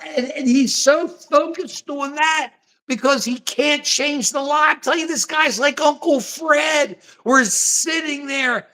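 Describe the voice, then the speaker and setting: A man co-hosting a political livestream in casual chat, talking in an animated, rambling way and often handing the floor back. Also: very high-pitched, unhurried. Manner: animated, rambling, keeps apologizing and handing over.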